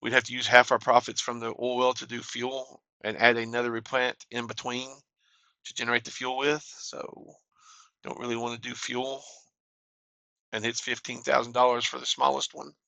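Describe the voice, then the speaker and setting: A man narrates his game session in a laid-back, plain way. His voice has a gravelly edge and a bright, forward tone. The recording is close and dry, with no room sound. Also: mid-range voice, moderate pace, dry recording. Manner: relaxed, plain-spoken walkthrough talk. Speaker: gaming channel host. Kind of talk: casual game commentary.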